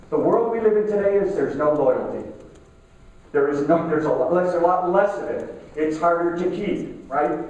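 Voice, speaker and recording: A middle-aged man giving a motivational talk to a live audience, conversational, repeating himself and slowing down to stress key lines. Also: sits high, a little mellow. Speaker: keynote speaker. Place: conference room at a networking event. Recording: echoey room, mic from far off.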